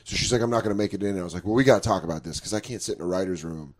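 A man's voice: deep voice, rapid-fire. Swearing man telling stories with flair. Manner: animated, acts out both sides of stories, swears freely. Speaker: comedian podcast host. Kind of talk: casual storytelling chat.

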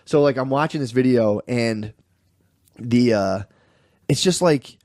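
A young man, a student, chatting casually and retelling a class story with lively, mocking quoted voices. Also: medium pitch, measured pace, dry recording, clean studio sound. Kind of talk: casual chat.

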